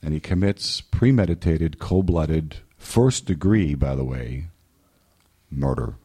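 A man from New England preaching a sermon as pastor, animated and joking, slipping into mimicry. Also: very deep voice, slow pace, slightly rough.

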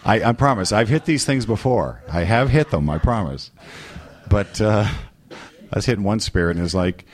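A man from New England preaching a sermon as pastor, animated and joking, slipping into mimicry. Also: fairly low pitch, normal speed.

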